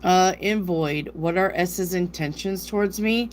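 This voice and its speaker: On a live stream with a bit of hiss or hum, a tarot reader from South Dakota talks in a lowish voice at a slightly slow pace. Her northern US accent comes through as she chats, rambles, and reads viewers' questions aloud.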